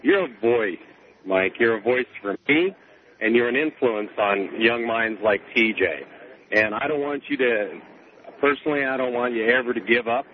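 A man's voice: mid-range voice, normal speed. Male trucker caller, heartfelt and emphatic, tinny phone line. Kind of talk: call-in radio talk.

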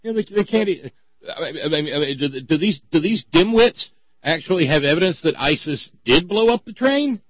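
A man's voice: fairly high pitch, animated, a little fast, slightly rough, no echo, dull audio. A man hosting a talk radio show, speaking in a rambling, sarcastic way with many stammered restarts.

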